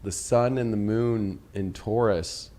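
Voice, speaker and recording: A man hosting a tarot show from a studio, chatting excitably and rambling, laughing and swearing. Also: fairly low pitch, slow. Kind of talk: casual chat with co-host.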